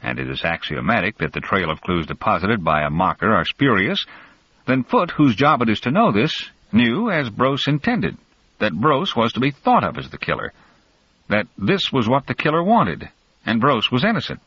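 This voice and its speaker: A man voicing a calm, cunning male schemer who explains things in a measured, sharp way, raised a little above his narrating voice. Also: on the low side, husky, full character voice. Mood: coolly explaining. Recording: dull lo-fi dry recording.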